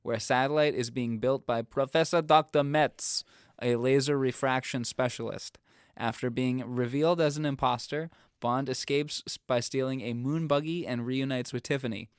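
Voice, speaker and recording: A man's voice: mid-range voice, fairly even intonation, moderate pace, clear, resonant tone, no echo, clean studio sound. A man co-hosting a casual film podcast, reading a plot summary aloud and bantering with friends. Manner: reads plot summaries, then jokes and banters. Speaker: podcast co-host.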